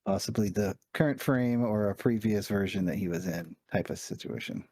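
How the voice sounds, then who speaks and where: Man player, husky, relaxed, dry sound. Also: on the low side, normal speed, no echo. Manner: relaxed, thinking aloud. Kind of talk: casual game chat.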